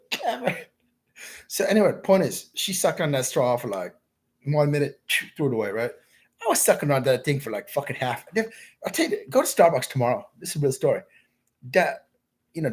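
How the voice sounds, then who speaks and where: His voice is a little high and slightly rough. This livestream host tells his viewers a meandering, foul-mouthed story, tacking "man" onto his sentences and swearing that every bit of it is true.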